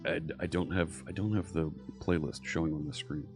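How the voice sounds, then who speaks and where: His voice is extremely low and darkish, steady in tone, and brisk. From a home studio with faint synthwave in the background, this man from Philadelphia, USA, who has a light Philly accent, teaches programming in an upbeat, casual live-stream chat and greets viewers by name.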